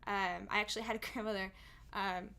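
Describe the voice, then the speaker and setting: A woman's voice: mid-range voice, steady tone, a little fast, vocal fry, bright, forceful tone, clean tone. A young woman, a singer and streamer, chatting casually on stream and explaining at length with many asides.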